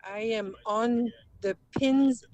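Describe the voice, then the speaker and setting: A woman's voice: fairly high pitch, slow, a little mellow, highs cut off. A caller, a woman, doing a Minion impression in a voice note played on air. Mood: eager. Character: squeaky excited Minion impression.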